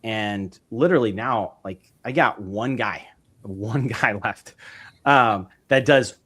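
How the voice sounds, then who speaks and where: A man's voice: on the low side, takes it slowly, fairly bright tone. A man, a podcast guest, talking through his business methods in an enthusiastic, rambling way, with many fillers and restarts. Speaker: podcast guest, real estate investor. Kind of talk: casual interview chat.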